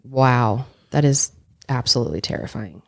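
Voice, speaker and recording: Low-voiced woman reacting on a podcast. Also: expressive, moderate pace, creaky. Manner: reactive, empathetic interjections. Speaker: podcast co-host. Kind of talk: casual chat.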